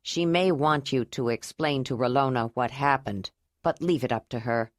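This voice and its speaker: A practical male cave leader gives firm orders, as a woman narrator drops her voice to play him. He sounds low and steady, close and dry. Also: normal speed, no echo. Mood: commanding. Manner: firm, commanding.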